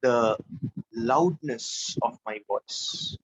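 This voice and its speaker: A man leading a live online public speaking training, energetic and animated, swinging between loud and soft for emphasis. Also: mid-range voice, drawn-out words, breathy edge, lo-fi sound.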